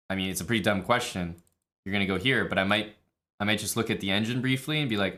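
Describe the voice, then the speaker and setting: A man's voice: on the low side, fast, pushed and bright. A man streaming live and talking through chess lines in casual commentary, blunt and profane, acting out his own thoughts and laughing at odd moves.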